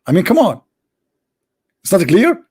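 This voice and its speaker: A sarcastic man with a somewhat high voice hosts a live-streamed debate. He talks in a mocking, theatrical way. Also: wildly swooping pitch, a little slow, a little mellow, slightly rough. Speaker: debate host.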